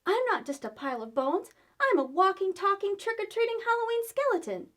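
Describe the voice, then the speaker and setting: Storybook skeleton lad, eager and bright-voiced, high with big swoops , read by a woman. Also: brisk. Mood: pleading. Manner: eager, excitable, exclaiming. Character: cheerful young male Halloween skeleton.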